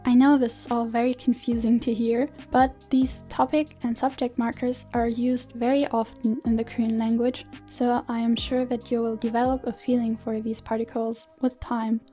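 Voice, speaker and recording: Woman, grammar teacher, clear measured narration, mellow tone, slightly high voice, soft music behind. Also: flat delivery. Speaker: Korean language teacher. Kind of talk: scripted lesson narration.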